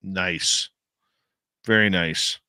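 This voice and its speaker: Man, radio host, low bright voice, dry close sound, conversational. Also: fairly even intonation, drawn-out words, clean tone, dry recording. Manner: upbeat promo delivery, conversational. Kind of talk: talk radio hosting.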